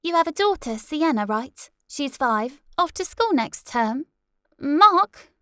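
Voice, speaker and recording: Woman doing a shrill, loud radio producer. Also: animated, unhurried, no room sound, studio quality. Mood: urgent. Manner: loud, shouting and hurrying. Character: shrill, pushy young female radio producer.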